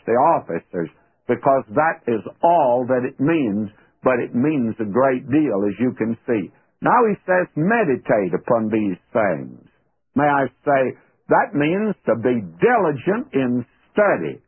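Radio preacher guy, kinda husky, earnest folksy bible teaching, sounds thin like an old broadcast. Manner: earnest, folksy preaching, rises in pitch when quoting scripture. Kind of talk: radio sermon. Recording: tinny, phone-like radio broadcast.

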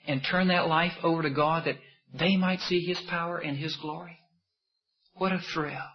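A man preaching a sermon with impassioned rhetorical questions, swinging between loud emphasis and hushed asides. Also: a little high, muffled recording.

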